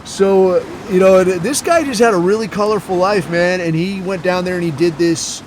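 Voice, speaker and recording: Brief: profane male podcast host, rambling storyteller, slightly high voice, faint traffic outside. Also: moderate pace. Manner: crude, rambling, heavy swearing, deadpan asides. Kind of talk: profane casual storytelling monologue.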